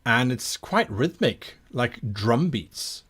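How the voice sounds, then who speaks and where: A man running a tabletop game as game master, narrating scenes in an unhurried, descriptive way. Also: medium pitch, very animated, a bit bright, breathy edge.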